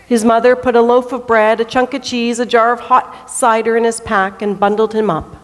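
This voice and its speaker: A woman tells a children's story at a church service, slow and deliberate in her reading. Her voice sits fairly high, and a long reverb from the church hall trails each phrase. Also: flat delivery.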